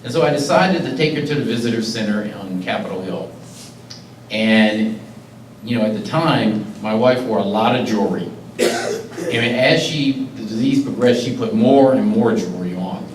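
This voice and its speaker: A man's voice: lowish voice, moderate pace, a little hiss or hum. A middle-aged man, a county executive, giving a public speech and earnestly telling an emotional personal story. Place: community meeting hall. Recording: roomy, distant mic, faint ambience.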